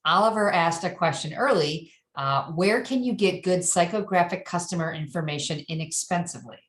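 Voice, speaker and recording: A woman moderating a webinar in a measured way, thanking the speaker and reading out audience questions. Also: on the low side, expressive, reverberant.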